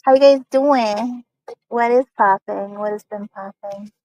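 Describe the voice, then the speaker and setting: A woman's voice: mid-range voice, measured pace, warm tone, no room sound, muffled recording. A young woman chatting casually on a live stream at home, rambling with lots of fillers.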